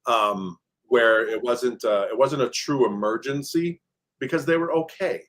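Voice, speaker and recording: A man's voice: medium pitch, unhurried, a bit bright. A man in casual podcast chat about managing rental properties, telling stories and acting out quoted exchanges with lots of fillers. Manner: storytelling, acts out quoted exchanges, many fillers.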